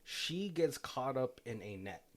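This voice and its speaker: A man's voice: medium pitch, unhurried. Male podcast co-host, loose rambling delivery with frequent laughs. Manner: rambling, animated, laughs often. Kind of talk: casual movie discussion.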